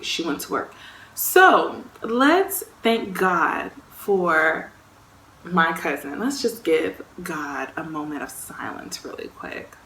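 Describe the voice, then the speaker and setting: A woman vlogger tells a story in a chatty, lively way and keeps checking in with her listeners. The recording has a noticeable room echo, as if made in an untreated room at home. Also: mid-range voice, vocal fry. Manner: chatty, animated retelling with frequent "you understand?". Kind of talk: casual storytime vlog.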